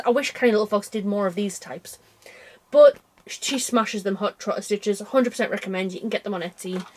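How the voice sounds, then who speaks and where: A woman's voice: a little high, a little hiss or hum. A British woman vlogging from her bedroom, rambling cheerfully about her cross stitch with plenty of self-mocking asides. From United Kingdom. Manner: rambling, chatty and self-deprecating, with frequent asides. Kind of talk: casual chat to camera.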